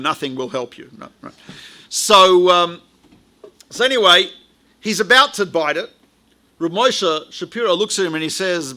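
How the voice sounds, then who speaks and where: A man's voice: sits high, bright, forceful tone. A male rabbi giving a lecture, telling anecdotes in a chatty way with frequent asides to the audience. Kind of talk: storytelling lecture.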